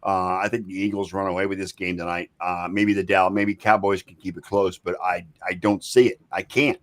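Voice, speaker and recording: A man hosting a casual sports chat, relaxed and hedging his points. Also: sits low, moderate pace. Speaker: host.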